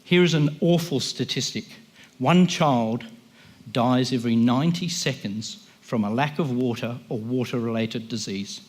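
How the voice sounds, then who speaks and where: A man's voice: medium pitch, measured pace. A man giving an impassioned, emphatic sermon as a guest speaker, often voicing the people he quotes.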